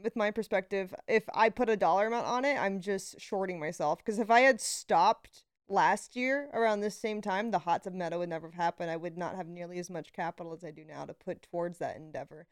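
A young woman talking casually as a podcast guest, matter-of-fact and quick to laugh. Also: lowish voice, clear, resonant tone, no echo, studio quality. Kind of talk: casual chat.

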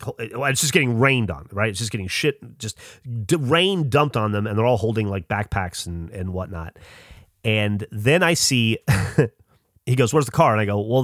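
A man's voice: mid-range voice, no echo, studio quality. A man casually telling a long, rambling story as a podcast host, with lots of swearing and restarts.

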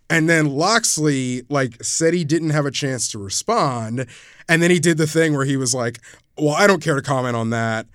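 A man with a medium-pitched, slightly bright voice co-hosts a casual sports podcast, recorded dry with studio quality. During the debate he recounts what coaches said, often restarting his sentences hesitantly.

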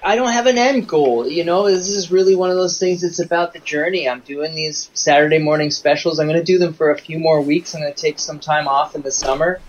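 A man from Canada with a slightly higher-than-usual voice talks easily as an interview guest. He tells relaxed, rambling stories, and faint noise sits under the recording. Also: a little fast, hardly any pauses, dull audio. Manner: relaxed, rambling anecdotes with restarts. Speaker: singer-songwriter guest. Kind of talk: casual interview chat.

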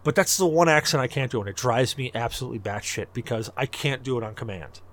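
A man co-hosting a podcast, talking casually in long rambling runs. His pitch swings widely as he gets worked up, and he often doubles back on his own words. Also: quick pace. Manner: animated, rambling, repeats himself. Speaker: podcast co-host. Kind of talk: casual chat.

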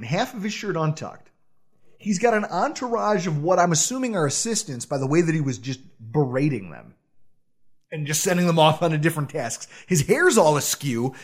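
A man co-hosting a podcast, telling a self-deprecating story in a casual, animated way with frequent laughs. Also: high voice, husky. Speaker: podcast co-host.

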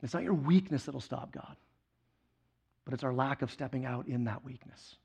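A male guest preacher delivering a sermon, telling the story with animated swings between loud excitement and quiet intensity. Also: mid-range voice, moderate pace, vocal fry, slightly rough.

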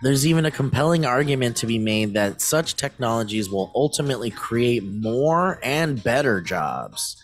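A man's voice: mid-range voice, animated, normal speed, few pauses, soft background music. A man co-hosting a casual podcast, reading news aloud and rambling off with lots of fillers. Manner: rambling, lots of fillers, bursts into silly voices. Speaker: podcast co-host.

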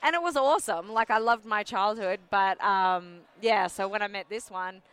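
Chatty Australian woman, smooth voice. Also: mid-range voice, moderate pace, fairly bright tone. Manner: chatty, self-deprecating, laughs at herself. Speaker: podcast guest. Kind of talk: casual interview chat. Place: busy hunting expo hall.

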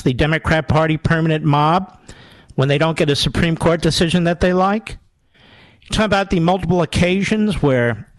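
A man's voice: fairly high pitch, dry recording. A man hosting a talk radio show, sarcastic and mocking as he rips into clips of his opponents. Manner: sarcastic, mocking, mimics others. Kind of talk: combative political commentary.

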